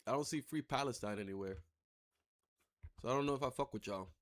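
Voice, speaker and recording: A man's voice: medium pitch, a little fast. A man giving casual, rambling let's-play commentary, swearing freely and turning sarcastic as he reacts to the story. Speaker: gameplay commentator.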